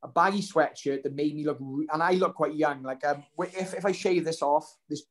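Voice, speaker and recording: A man's voice: on the high side, brisk. A man, telling a story casually as an interview guest, rambling with many ums and restarts. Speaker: guest, professional fighter.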